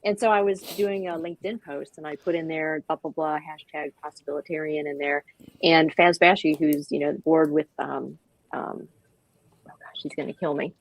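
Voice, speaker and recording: A woman being interviewed as the founder of a dog-park nonprofit, talking with animated enthusiasm and acting out little quoted voices. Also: low-pitched, moderate pace, poor audio.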